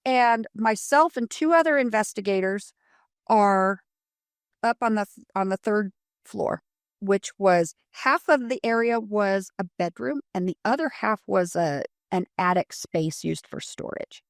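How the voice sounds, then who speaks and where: Middle-aged woman, from Colorado, casual interview storytelling, animated, lots of fillers, mid pitch, dry close sound. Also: a little slow, dry recording. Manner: animated, acts out quotes, many fillers. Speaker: paranormal investigator guest.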